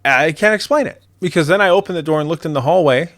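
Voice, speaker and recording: A man's voice: a little high, fast talker, fairly bright tone, dry recording, clean studio sound. A young adult man in casual chat, telling a ghost story with swearing and laughter.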